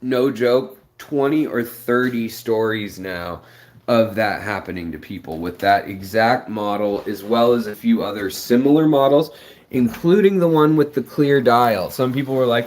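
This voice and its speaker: A man's voice: medium pitch, unhurried, darkish tone, slight background noise. A man hosting a live stream, answering viewers in a rambling, explanatory way with many fillers. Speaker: aquarium channel host.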